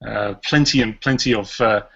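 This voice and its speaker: A man's voice: on the low side, normal speed, creaky, bright, forceful tone, slightly rough. A man with an Australian accent hosting a podcast in casual, rambling, jokey chat. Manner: rambling, jokey, chuckles often. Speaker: podcast host. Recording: dull lo-fi podcast audio.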